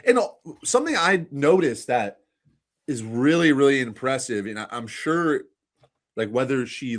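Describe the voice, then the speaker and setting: A man co-hosting a podcast, chatting casually and thinking aloud with hesitant fillers. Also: mid-range voice. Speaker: podcast co-host. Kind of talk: casual recap chat.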